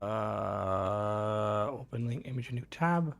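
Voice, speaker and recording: A man's voice: on the low side, measured pace, creaky. A young Irish man chatting casually on a game stream, rambling, swearing freely and answering chat.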